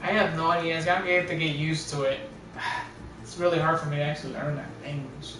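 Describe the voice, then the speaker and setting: A man's voice: a little high, level tone, fast talker, background noise. A man streaming a game in casual commentary, repeating a word again and again as he works on saying it and swearing now and then. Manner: repeats a word over and over trying to pronounce it, swears. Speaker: gaming streamer. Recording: very echoey, distant mic with game music.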